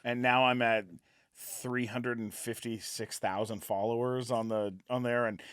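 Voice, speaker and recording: A man's voice: medium pitch, measured pace, clean tone, dry recording, studio quality. A man in his forties, a comedian guest, talking animatedly and acting out little scenes with laughs. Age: 40s. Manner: animated, acts out voices in his stories, laughs often. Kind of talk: casual chat.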